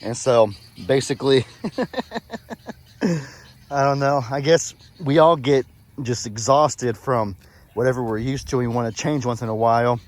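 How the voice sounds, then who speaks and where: A man's voice: mid-range voice, steady tone, normal speed. A man with a Texan accent, chatting casually on his farm vlog in an easygoing, rambling, folksy way. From Texas. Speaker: farm vlogger.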